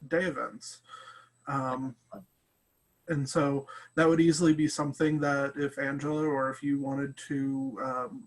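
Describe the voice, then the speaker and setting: A man, a game master, speaking on a group call in halting sentences full of ums. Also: fairly high pitch, a bit bright. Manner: hesitant, lots of ums, supportive. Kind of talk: casual video call chat.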